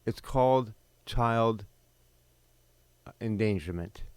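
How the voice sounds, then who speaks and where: A middle-aged man hosting a podcast, telling a personal story in a blunt, bitter, emphatic way with sudden pauses. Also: on the low side, darkish tone, clear, resonant tone, no room sound. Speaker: podcast host.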